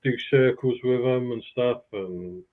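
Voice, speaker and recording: A man's voice: mid-range voice, unhurried. A man tells rambling, hesitant stories to a live panel. His voice comes through thin and tinny, like a phone line. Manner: rambling storyteller, hesitant with ums and uhs. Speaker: panel guest. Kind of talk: casual chat on a live stream. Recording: tinny phone-like call audio.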